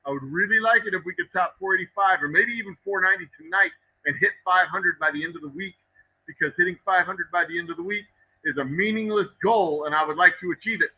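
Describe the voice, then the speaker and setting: A man with a fairly high, slightly husky voice chats on a live stream from his distillery workshop while he works. He rambles with wry, self-mocking humor and swears freely. The sound is a little dull and lo-fi. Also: fast talker. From Texas. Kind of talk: casual live-stream chat while working.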